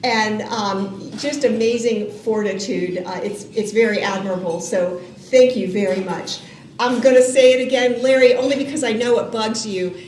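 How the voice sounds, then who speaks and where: A middle-aged woman, a university president, giving a warm, enthusiastic ceremony speech with a teasing edge. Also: mid-range voice, normal speed, slight background noise. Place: large reverberant banquet hall. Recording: roomy hall with faint ambience.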